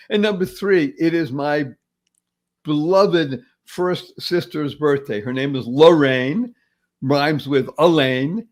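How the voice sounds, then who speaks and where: A man's voice: a little high, takes it slowly. Upbeat motivational male podcast host. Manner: enthusiastic, punning, acts out little scenes.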